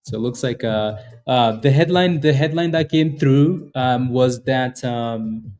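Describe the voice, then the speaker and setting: Mellow-voiced man hyping stocks live. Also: medium pitch, a little slow. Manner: repetitive, hyped, chatty, addresses viewers by name. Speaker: day-trading livestream host. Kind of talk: casual live market commentary to chat.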